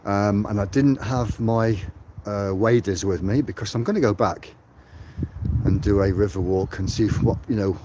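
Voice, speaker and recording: A man's voice: lowish voice, normal speed, background noise. An English man walking outdoors through a churchyard and chatting cheerfully to live viewers, greeting them by name, a little out of breath. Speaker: vlogger on a live walk. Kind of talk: casual live-stream chat.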